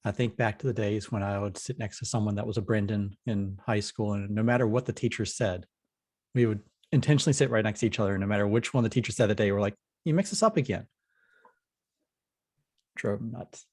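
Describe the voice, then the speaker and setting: A man's voice: on the low side, steady tone, fast, a little mellow, dry recording, studio quality. A man on a video call who takes the notes, chatting casually and telling a story. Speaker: note taker.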